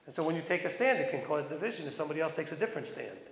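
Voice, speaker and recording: A man's voice: fairly high pitch, lively intonation, very fast, creaky, a little hiss or hum. A man teaching a congregation in a sermon, reading verses aloud and asking his listeners questions in a chatty way. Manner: conversational preaching, reads verses aloud, asks the listeners questions. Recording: echoey hall.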